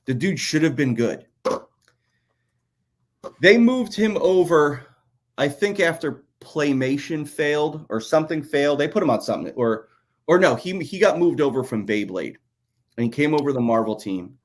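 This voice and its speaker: A man's voice: on the high side, lively intonation, moderate pace. A man co-hosting a podcast, telling a profane, ranting story about his old design job. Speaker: podcast co-host, former toy designer. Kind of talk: casual podcast chat.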